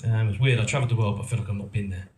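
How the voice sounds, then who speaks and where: A man's voice: on the low side, steady tone, rapid-fire, roomy sound, crowd noise. A middle-aged man from England, an actor and producer, tells his story casually to a live audience, rambling and self-mocking with lots of ums and restarts. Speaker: actor and producer giving a talk. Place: event venue in a roomy hall.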